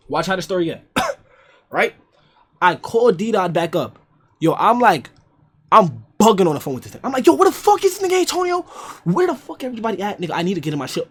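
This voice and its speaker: A young man telling a story casually on a livestream, animated and profane, repeating lines for emphasis. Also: a little high, slightly rough. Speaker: streamer.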